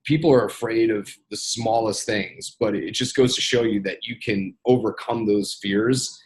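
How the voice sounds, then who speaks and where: A man's voice: on the low side, moderate pace, slight background noise. A man hosting a podcast interview, talking casually and swearing now and then. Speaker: podcast host.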